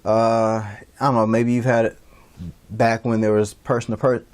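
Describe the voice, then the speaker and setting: A man's voice: lowish voice, flat delivery, moderate pace, darkish tone. A man giving a recorded online lecture as an instructor, talking casually with many fillers and restarts.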